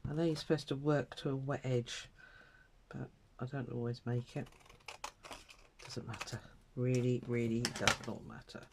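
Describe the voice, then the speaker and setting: A woman hosting a craft video, chatting casually to herself and her viewers with laughing asides, in a rough morning voice. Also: very deep voice, steady tone, normal speed, noisy background. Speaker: craft channel host.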